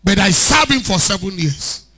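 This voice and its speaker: A man preaching an animated sermon as a pastor, rising to shouts at times. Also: high-pitched, normal speed, slightly rough. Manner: animated preaching, shouting at peaks, mixing in Pidgin.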